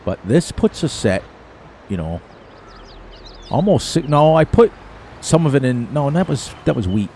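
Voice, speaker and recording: A man's voice: mid-range voice, very animated, normal speed, long pauses, darkish tone, a little hiss or hum. Chatty older man streaming a farm game. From eastern United States. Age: 60s. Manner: chatty, rambling, laughs at own jokes. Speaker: gaming streamer. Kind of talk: casual gameplay commentary.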